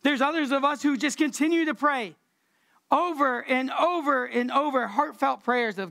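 A woman preacher giving a casual, conversational sermon, relaxed and slangy, repeating words for emphasis. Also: high voice, moderate pace, gravelly.

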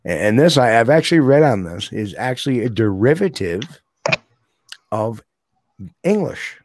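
A man's voice: mid-range voice, sing-song, unhurried, background noise. A man co-hosting a casual chat, talking loosely, laughing often and breaking into playful accent impressions.

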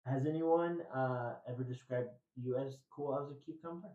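A trivia podcast host from Indiana, USA chats casually at a moderate pace with a medium-pitched voice, telling rambling stories and laughing along the way. The recording is dull and roomy, with the mic sounding distant.

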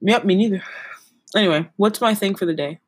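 A young woman chats on a podcast and giggles often as she tells stories full of "like." Her voice sits at an ordinary pitch, and the sound is dry and close. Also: brisk, breathy edge, dry recording. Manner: giggly, storytelling with lots of "like". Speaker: podcast co-host. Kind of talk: casual chat.

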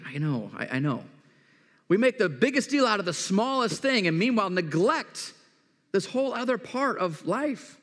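A man's voice: sits high, a bit bright, big-room sound. A man preaching a sermon as pastor, talking in a conversational way with everyday examples and questions to the kids in the room.

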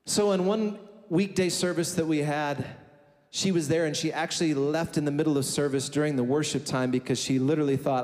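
A man's voice: on the high side, steady tone, fairly quick. A man preaching a sermon as pastor, telling a story emphatically and building to fervent declarations. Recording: echoey hall with soft music.

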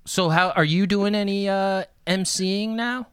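A man's voice: high-pitched, moderate pace, fairly bright tone, smooth, no room sound, clean studio sound. A man telling stories in casual conversation, laughing and doing voices of the people in them. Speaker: guest, interviewer and music manager. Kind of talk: casual storytelling.

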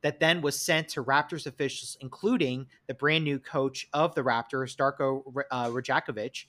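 A man's voice: mid-range voice, moderate pace, a bit bright. A man with a New York accent co-hosting a casual podcast, explaining legal points, reading excerpts aloud and slipping in puns. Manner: punning, explanatory, reads quotes aloud. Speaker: podcast co-host.

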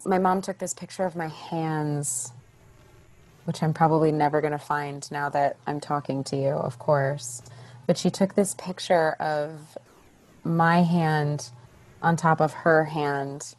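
Chatty actress telling a story. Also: female voice, low voice, a little slow. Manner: animated, acts out quoted voices. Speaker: podcast guest, stage actress. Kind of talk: casual interview storytelling.

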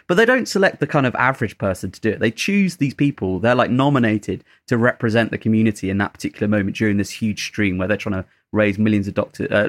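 A chatty man co-hosting a casual podcast, with a mid-pitched voice. He rambles and corrects himself mid-sentence. The sound is dry and close, with no room around it. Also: dry recording. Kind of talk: casual chat.

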